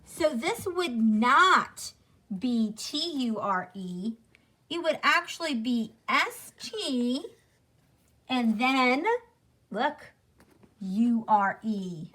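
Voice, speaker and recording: A woman teacher giving a recorded phonics lesson to young children, slowly sounding out letters and words. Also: a little high, animated, bright, forceful tone, rough recording.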